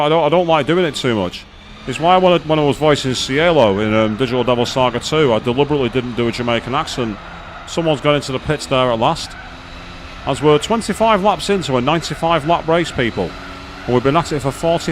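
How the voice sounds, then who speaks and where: A fairly high-pitched man, with slight noise behind him, streams a racing game live. He chats casually and rambles in a self-deprecating way while commenting on play.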